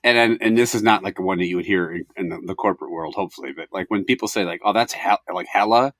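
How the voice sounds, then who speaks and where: A man's voice: low-pitched, quick pace, fairly bright tone, no echo. A man co-hosting a casual podcast chat, swearing freely and laughing often. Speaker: podcast co-host.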